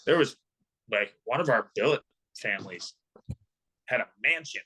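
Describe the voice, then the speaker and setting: In a laid-back podcast chat, a twenty-something professional hockey player rambles through his stories, filling them with "um" and "like." He speaks at normal speed with a medium pitch and lively intonation, and crowd noise can be heard.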